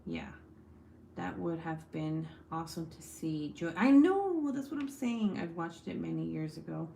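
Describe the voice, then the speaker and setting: A woman's voice: fairly low pitch, very animated, measured pace, vocal fry, warm tone, reverberant, slight background noise. A woman in her forties hosting a casual livestream, chatting with viewers and reading their comments, swearing freely. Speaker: livestream host.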